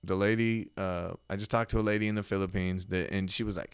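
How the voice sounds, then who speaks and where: A man co-hosting a podcast, telling a rambling, animated story and acting out both sides of a phone call with plenty of swearing. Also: low voice, fast talker, few pauses, smooth, dry recording, clean studio sound. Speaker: podcast co-host. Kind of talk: casual chat, storytelling.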